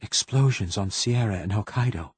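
A man's voice: lowish voice, fairly quick, a little mellow, husky, no echo. A man voicing a grave male Templar priest of a sacred tree, urgent and strained in an audiobook. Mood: whispered.

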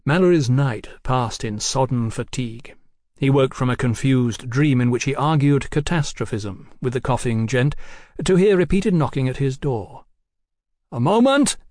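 A male audiobook narrator reading in a measured, even storytelling cadence at a middle pitch. The recording is close and dry, with no room sound. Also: no room sound. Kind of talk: scripted narration.

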